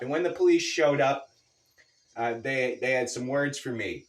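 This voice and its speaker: A man's voice: mid-range voice, normal speed, reverberant. A man delivering a comedic character monologue, telling a profane, rambling story.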